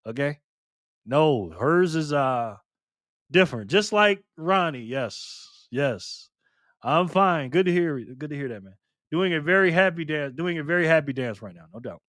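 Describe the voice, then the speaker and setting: A man's voice: a little high, expressive, measured pace, a bit bright, no echo, clean studio sound. A man hosting a live stream, casually reading viewer comments and trading teasing, slangy banter with lots of laughter.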